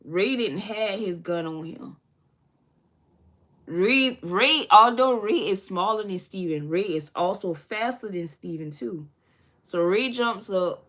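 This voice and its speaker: A woman's voice: mid-range voice, expressive, slow, fairly bright tone. Woman in her 30s doing makeup and spilling a story, talks right to the viewers, casual and kinda cussy. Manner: chatty, addresses viewers as y'all, profane. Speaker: beauty vlogger.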